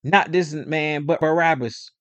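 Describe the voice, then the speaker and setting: A man voicing an angry crowd of priests, loud and insistent. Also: a little high, normal speed, no echo, close to an everyday voice.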